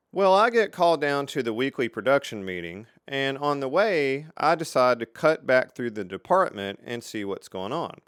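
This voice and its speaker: Animated man telling workplace stories. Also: medium pitch, smooth, no room sound, studio quality. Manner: lively, animated storyteller with dramatic pauses. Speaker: vlog host telling career stories. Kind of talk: casual storytelling to camera.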